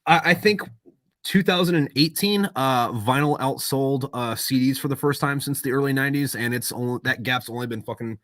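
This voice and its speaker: A man's voice: medium pitch, fairly quick, fairly bright tone, no room sound, studio quality. A man hosting a podcast in casual chat, swearing freely and explaining things at length. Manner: loose and profane, explains at length. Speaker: podcast host.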